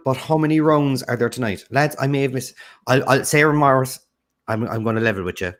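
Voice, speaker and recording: A man with a Cork Irish accent hosting a livestreamed pub quiz, chatting casually and reading out viewer comments with quick jokes. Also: mid-range voice, soft background music. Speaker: quiz host.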